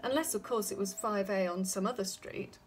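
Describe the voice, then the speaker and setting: A woman's voice: medium pitch, brisk, slight background noise, natural voice. A woman voicing a kind, polite male hedgehog neighbour in a children's storybook reading. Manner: polite, friendly.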